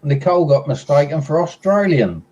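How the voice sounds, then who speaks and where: Teasing middle-aged Englishman, mellow tone. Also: fairly high pitch, sing-song, normal speed, dull audio. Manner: teasing, dry jokes. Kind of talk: casual chat.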